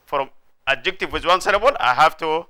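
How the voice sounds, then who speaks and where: Sudanese guy teaching english grammar, slow and repetitive, bright higher voice. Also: animated. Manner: slow, repetitive, explanatory delivery with frequent checks for understanding. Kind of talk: classroom grammar lesson.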